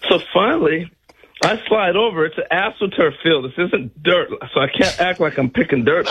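An older man, a former major league player, telling baseball stories on a talk show in a casual, animated way and acting out other people's lines. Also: fairly high pitch, moderate pace, lo-fi sound, a little hiss or hum. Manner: animated storyteller, acts out other people's lines, laughs often.

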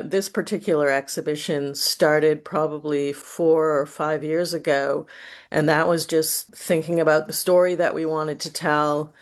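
Measured woman museum director. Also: sits low. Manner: measured, explanatory, with fillers. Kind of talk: interview answers.

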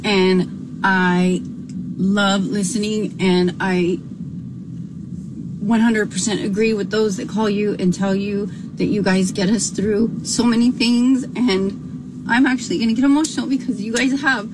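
A woman's voice: medium pitch, steady tone, unhurried, background noise. A woman caller from Arizona leaving a chatty, laughing voicemail, telling a story with feeling. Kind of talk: recorded voicemail message.

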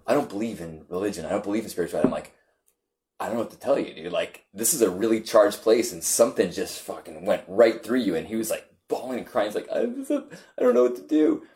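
A man on a podcast telling a story with animated, halting delivery and repeated words. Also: low-pitched. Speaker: podcast guest. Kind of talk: casual chat, storytelling.

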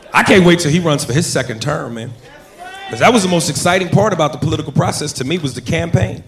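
A man's voice: fairly high pitch, noisy background. A man doing stand-up, punchy and sardonic, talking straight to the crowd. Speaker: stand-up comedian. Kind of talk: stand-up routine. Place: comedy club stage. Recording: roomy live club recording with audience.

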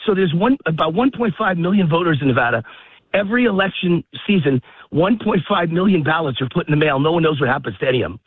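A man's voice: on the high side, animated, breathy edge, no room sound. A man guesting on a political talk radio show, ranting heatedly and out of breath as he walks his dog in a park, calling in by phone. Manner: fast, heated ranting with rising emphasis. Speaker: guest commentator. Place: outdoors in a park, walking. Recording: phone-line call, dry.

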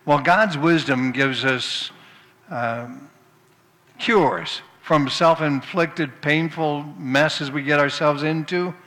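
Male preacher, folksy storyteller, bright forceful tone, reverberant room. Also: on the high side, takes it slowly. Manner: folksy storytelling, tells jokes then turns to scripture. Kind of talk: sermon with jokes.

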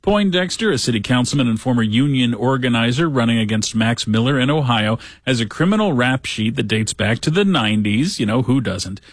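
A man's voice: medium pitch, fairly quick, hardly any pauses, no echo. Sarcastic man in a dry studio. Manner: sarcastic, animated when quoting others. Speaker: talk show host. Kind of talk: casual commentary reading news.

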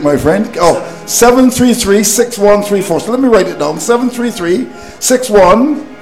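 A man's voice: sits high, a little mellow, low-quality recording. A man commentating cricket on radio, exasperated at his team's collapse and repeating phrases for emphasis.

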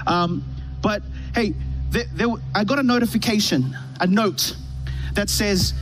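A man preaching a sermon on a church stage with a band, telling a story in an animated way and often restarting his sentences. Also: high-pitched, unhurried, pauses often.

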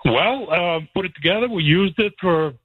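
A man's voice: sits high, expressive, moderate pace, slightly rough, no room sound. A man telling a folksy story with frequent chuckles, emotional as he speaks. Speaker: guest. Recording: tinny phone line.

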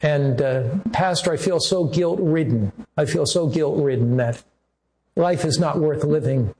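A man's voice: a little high, measured pace, a little mellow. A man voicing a desperate young woman caller who pleads and confesses her guilt. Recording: echoey room.

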